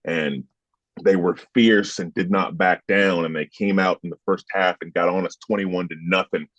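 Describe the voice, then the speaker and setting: A man's voice: low voice, fairly even intonation, normal speed, fairly bright tone, no echo. A man in his fifties, a former football player, telling stories in an interview, emphatic and heated as he recounts them, swearing now and then. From United States. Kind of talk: animated storytelling in conversation. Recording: dry, slightly dull sound.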